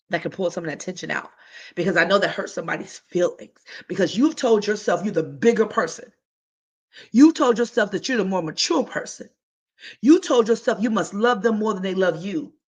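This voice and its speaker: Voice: medium pitch, expressive, normal speed, husky. A livestream host giving heartfelt advice in a casual, emphatic way, talking straight to viewers with colloquial slang. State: voice cracking.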